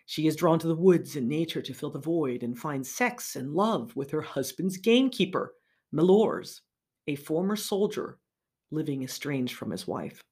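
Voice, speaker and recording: Animated woman lecturing on literature. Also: low-pitched, moderate pace, breathy edge. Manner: animated, laughs between remarks. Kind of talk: literature lecture with read passages.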